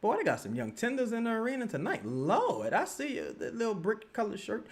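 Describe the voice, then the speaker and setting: A man hosting a live watch-along stream, giving excitable, slangy commentary and yelling at his team. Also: sits high, moderate pace. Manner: excitable, yells at the team, slangy trash talk. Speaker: livestream host.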